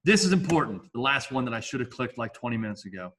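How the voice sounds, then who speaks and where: A man's voice: mid-range voice, sing-song, fast talker, a bit bright, slight background noise. A male science teacher giving a casual, jokey classroom lecture with asides.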